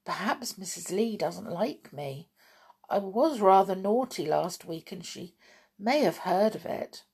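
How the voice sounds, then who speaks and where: A woman voicing a small boy who is trying to be brave, speaking quietly. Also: mid-range voice, expressive, a little slow, creaky, slightly rough, heavily acted. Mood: subdued. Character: small boy, brave about being left out.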